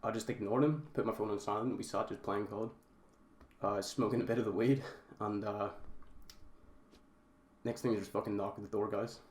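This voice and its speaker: A man's voice: on the low side, fairly even intonation, normal speed, pauses often, a little mellow. A young man casually telling a story to his viewers, rambling and often calling them guys. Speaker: vlogger. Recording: roomy echo, faint background noise.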